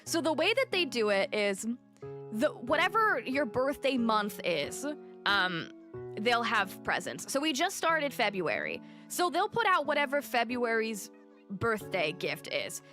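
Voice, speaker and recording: Chatty lady streamer talking while she games, kinda high voice, soft game music under it. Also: unhurried. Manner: chatty, animated, greets chat. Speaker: livestreamer. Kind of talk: casual storytelling while gaming.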